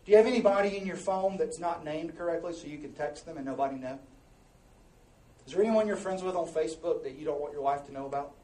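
A high-voiced man preaching a sermon, animated and conversational, dropping into quiet asides and then pushing out loud exhortations. He is heard from a distance in an echoey church hall with faint ambience behind him. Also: fast. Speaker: pastor.

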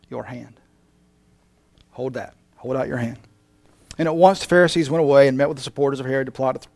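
A male pastor preaching a passionate sermon, moving between emphatic lines and quiet ones. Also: medium pitch, dry recording.

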